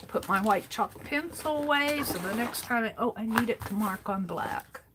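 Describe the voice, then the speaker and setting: A woman's voice: fairly high pitch, expressive, normal speed, noisy background. A woman streaming her craft work, chatting casually and muttering to herself as she tidies and sews. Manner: chatty, talking to herself while tidying and sewing. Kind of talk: casual craft livestream chat.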